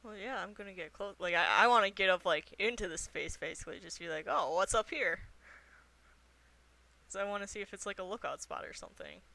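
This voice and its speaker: A player with a bright, clear-edged voice talks casually at a tabletop game. The speech is loose and filler-heavy, leaning on "like" and "um" between thoughts. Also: mid-range voice, fast talker, hardly any pauses.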